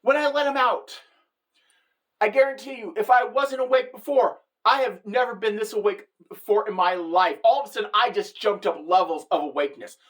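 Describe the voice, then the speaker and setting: A middle-aged woman telling a comic personal story to the camera, animated and conversational, with frequent asides to the viewer. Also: medium pitch, normal speed. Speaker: comedic storyteller.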